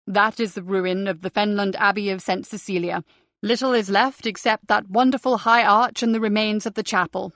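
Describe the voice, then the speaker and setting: A woman's voice: mid-range voice, steady tone, a bit bright, no room sound, lightly acted. A woman doing a showy male church guide. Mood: theatrical. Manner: slow, showy tour-guide delivery. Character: theatrical male church tour guide, fussy. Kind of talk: audiobook character voice.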